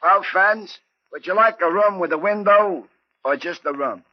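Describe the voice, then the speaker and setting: Cheeky streetwise pickpocket, lo-fi old radio sound. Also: male voice, high voice, a little slow. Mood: sly. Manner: breezy, chummy, streetwise. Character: wisecracking reformed male pickpocket, hotel clerk. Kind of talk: 1940s radio acting. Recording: lo-fi 1940s radio broadcast.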